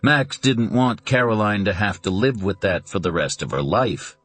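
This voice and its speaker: A man narrating a suspense novel in a deliberate, dramatic reading. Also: fairly low pitch, a bit bright, no room sound, faint music behind. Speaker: audiobook narrator.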